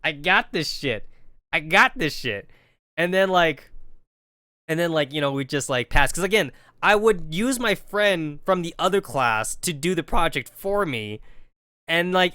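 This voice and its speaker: Streamer dude rambling thru a story, lots of "like", super lively pitch, clean dry mic. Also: male voice, clear, resonant tone, no echo. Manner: rambling, filler-heavy, jumps between voices. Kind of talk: casual storytelling.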